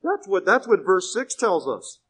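A man preaching a Bible sermon, telling stories and asking his congregation questions, and swinging from hushed asides to loud, emphatic points. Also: high-pitched, very animated, unhurried, breathy edge, rough recording. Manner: conversational storytelling with direct questions to the congregation. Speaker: pastor. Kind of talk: expository sermon.

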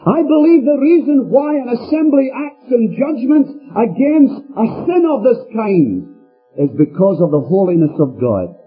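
A man's voice: very high voice, animated, measured pace. A man preaching an earnest sermon to a congregation, with a swooping delivery. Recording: tinny phone-like radio recording with faint music.

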